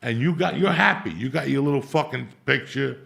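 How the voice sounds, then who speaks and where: A man's voice: medium pitch, brisk, vocal fry, a bit bright, breathy edge. A middle-aged man hosting a podcast, telling rambling, profane street-style stories in casual chat. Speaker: podcast host.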